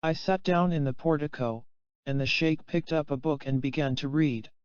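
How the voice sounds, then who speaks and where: Solemn man reading, smooth and dry. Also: on the high side, steady tone, moderate pace, no echo. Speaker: audiobook reader. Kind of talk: scripted reading of a spiritual text. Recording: dull, muffled, dry sound.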